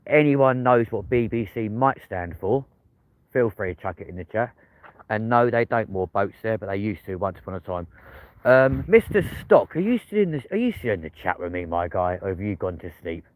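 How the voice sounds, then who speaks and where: A man's voice: fairly low pitch, sing-song, normal speed. A man hosting a live walking stream at night, bantering with chat in a cheeky, sweary way. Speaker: livestream host. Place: outdoors on windy city streets at night. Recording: tinny phone audio, loud street noise.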